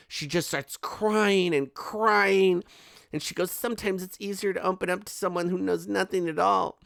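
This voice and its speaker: Guy ranting sarcastically, kinda high voice, dry close mic. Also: fairly bright tone, no echo. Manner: sarcastic, mocking, reads quotes aloud with asides. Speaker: commentary channel host. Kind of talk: ranting commentary.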